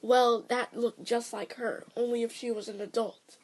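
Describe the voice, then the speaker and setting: A woman's voice: a little high, flat delivery, moderate pace. A woman casually retelling a cartoon episode, rambling and self-correcting, with chatty asides. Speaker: storyteller.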